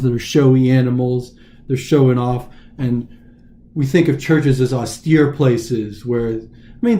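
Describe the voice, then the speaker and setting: Mellow-voiced chatty male tutor. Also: mid-range voice. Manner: informal, chatty, dramatizes the text. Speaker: test prep tutor. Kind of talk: casual recorded lesson.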